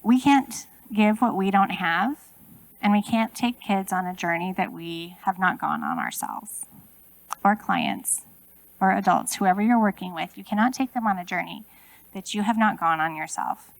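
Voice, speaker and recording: Gravelly-voiced woman giving a keynote. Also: medium pitch, big pitch swings, normal speed, rough recording. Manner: conversational, asks the audience many rhetorical questions. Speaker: keynote speaker. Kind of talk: conference keynote talk. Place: conference room.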